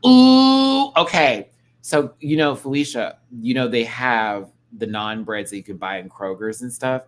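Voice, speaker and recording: Dude on a live stream, campy and animated, middle-pitched voice, just chatting. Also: male voice, normal speed, a little hiss or hum. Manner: animated and campy, mimics people, reads chat aloud. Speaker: live-stream show host. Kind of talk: casual live-stream reaction chat.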